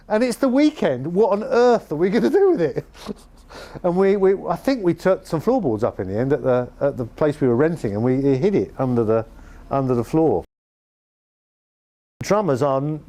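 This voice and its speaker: A man's voice: mid-range voice, dark tone. A man with an English accent, a former band manager and music promoter, telling anecdotes in a wry, dryly humorous way. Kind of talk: anecdotal storytelling interview.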